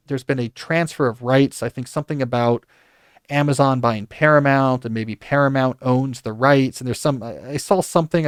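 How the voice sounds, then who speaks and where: A man's voice: mid-range voice, no echo, clean studio sound. Man chatting casually about books. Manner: rambling, conversational, with frequent restarts and asides. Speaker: podcast host. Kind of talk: casual book review monologue.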